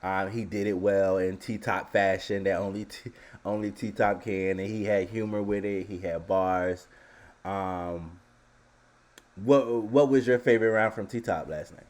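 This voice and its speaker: A man co-hosting a casual podcast chat, relaxed and full of opinions. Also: low-pitched, unhurried. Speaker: co-host.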